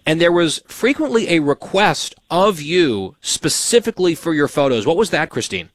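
A man's voice: fairly high pitch, very animated, normal speed, no room sound. A man hosting a show, telling stories in casual banter with a wry, teasing manner. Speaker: show host.

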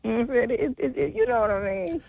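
A woman who hosts a show speaks over a tinny, phone-like line. She teases and doubts the caller in loose, relaxed slang. Her pitch swings up and down lively, and the sound is dry. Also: fast talker, gravelly, no echo. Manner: skeptical and teasing, relaxed slang. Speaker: radio show host. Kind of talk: casual phone banter.

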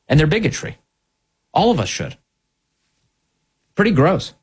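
A man's voice: fairly high pitch, very animated, unhurried, husky. A man delivering an indignant, sarcastic opinion monologue as a commentary host, with an emphatic way of talking.

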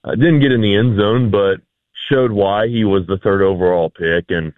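A man's voice: fairly low pitch, normal speed, no room sound. A man giving easygoing sports analysis with dry humor and many fillers. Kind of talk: casual sports talk. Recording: dry, tinny phone line.

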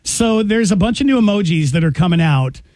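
High-voiced teasing male radio host. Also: expressive, brisk, darkish tone, no echo. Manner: teasing, playful questions. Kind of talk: casual on-air chat. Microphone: studio microphone.

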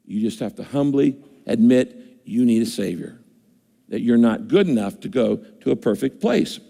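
A man's voice: mid-range voice, expressive, normal speed, gravelly, dark tone. Preaching man in an echoey hall. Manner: earnest preaching, repeats words for emphasis. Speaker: pastor. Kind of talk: sermon.

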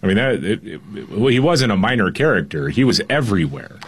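A male co-host talks in a casual, sarcastic tone and laughs often. His voice sits low and husky. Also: big pitch swings, fairly quick. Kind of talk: casual political talk show.

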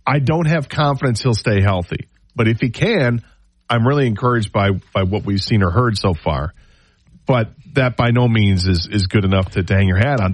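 A man with a lowish voice co-hosts a sports talk radio show. He gives measured, opinionated analysis. The sound is dry and close, with no room echo.

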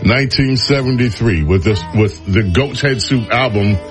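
A man's voice: mid-range voice, moderate pace, faint music behind. A man hosting a talk radio show, giving sarcastic, opinionated commentary on the news with frequent sighs and laughs.

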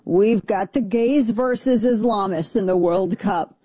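A talk radio host commenting on air in a joking, incredulous way and often repeating herself. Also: female voice, medium pitch, unhurried, warm tone, slightly rough, dry recording.

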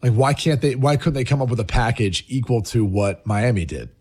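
A man's voice: mid-range voice, lively intonation, brisk, darkish tone, breathy edge. A man in casual sports debate, pushing back with pointed questions.

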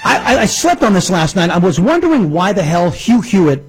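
A man's voice: high-pitched, very animated, fairly quick, soft background music, rough recording. A man hosting a political talk radio show, ranting angrily with frequent restarts. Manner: angry, ranting, with many restarts. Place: radio studio.

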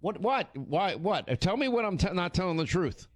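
A man hosting a radio show, telling stories in casual, animated, teasing on-air chat. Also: high voice, moderate pace.

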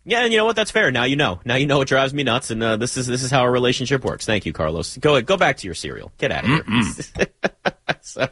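Lively, husky-voiced sports radio host. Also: male voice, medium pitch, fast talker, no echo, clean studio sound. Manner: animated, joking, rambling asides. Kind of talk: live sports talk monologue.

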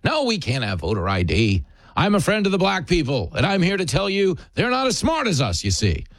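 A man's voice: fairly low pitch, huge pitch swings, moderate pace, no room sound, pitched below the performer's own voice. A man doing a smug, condescending liberal. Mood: patronizing. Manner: patronizing, preachy. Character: mocked condescending male white liberal.

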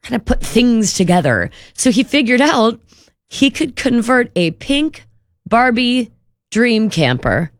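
A woman's voice: on the high side, big pitch swings, slow pace, dry recording, studio quality. A young woman co-hosting a radio show, chatting casually and enthusiastically. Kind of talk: casual morning-show chat.

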